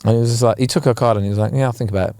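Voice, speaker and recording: A young man, co-hosting a casual podcast and telling animated stories, putting on voices for the people he quotes. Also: medium pitch, very fast, dry recording. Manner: animated storyteller, slips into impressions. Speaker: podcast co-host. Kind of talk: casual chat.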